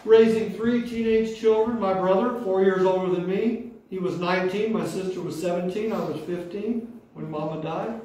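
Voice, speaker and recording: A high-voiced older man in his sixties preaching a heartfelt testimony, his words rising and falling with fervor as he calls out to the congregation. He sounds far from the microphone, with a big echoing hall around him and a faint hiss behind. His delivery is emotional, intense storytelling from the pulpit. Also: normal speed, dark tone. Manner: fervent, emotional storytelling with call-and-response. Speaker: pastor. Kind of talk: testimony sermon.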